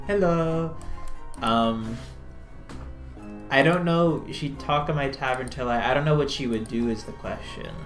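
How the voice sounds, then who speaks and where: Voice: mid-range voice, unhurried, long pauses. A streamer casually chatting over a narrative game, laughing and commenting on their own accents and greeting chat, who also plays the innkeeper in a near-natural voice. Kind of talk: casual let's-play commentary. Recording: echoey room with faint music.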